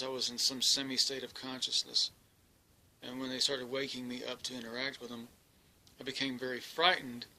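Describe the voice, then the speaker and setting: A man telling a first-person story, halting often, restarting sentences and searching for words. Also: mid-range voice, sharp tone, rough recording. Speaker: experiencer recounting an encounter.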